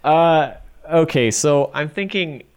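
A man's voice: on the high side, animated, slow pace, clear, resonant tone, dry recording. A man co-hosting a casual chat, making playful jokes and guesses. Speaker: podcast co-host.

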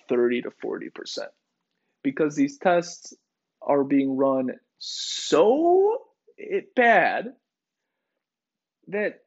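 A man's voice: on the high side, vocal fry, darkish tone, breathy edge. A man hosting a podcast, ranting in a sarcastic, profane, rambling way full of fillers. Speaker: podcast host. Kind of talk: casual ranting monologue. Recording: dull lo-fi recording.

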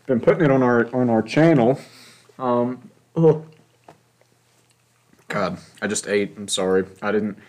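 A young man co-hosting a casual, crude podcast chat, joking loudly and laughing often. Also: mid-range voice, unhurried, pauses often. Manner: loud, joking, laughs often, puts on silly voices. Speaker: podcast co-host.

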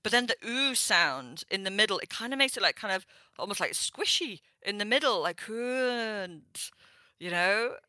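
A woman with a northern English accent, chatting as an interview guest in a lively, playful way. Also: medium pitch, brisk, dry recording. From northern England. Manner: chatty and animated, playful with swear words. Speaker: guest sex historian. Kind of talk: casual interview chat. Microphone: remote call.

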